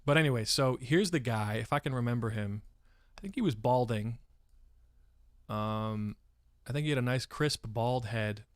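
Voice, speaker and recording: A man from San Francisco chats on his live stream, rambling through a story with plenty of swearing and stopping to answer his chat. His voice sits at an ordinary middle pitch, and the sound is dry and close with no room echo. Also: moderate pace, long pauses. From San Francisco, USA. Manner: rambling, swears freely, breaks off to read chat. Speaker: livestreamer.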